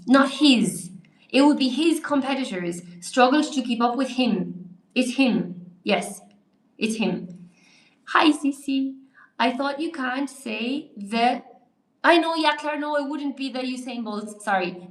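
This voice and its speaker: A woman's voice: high-pitched, a little slow, echoey room. An Irish woman teaching English on a live stream, chatting through viewer comments aloud and answering them. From Ireland.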